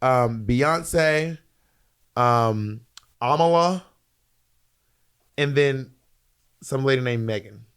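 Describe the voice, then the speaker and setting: A man co-hosting a casual podcast chat, rambling and halting with lots of fillers. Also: medium pitch, a bit bright, smooth. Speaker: podcast co-host.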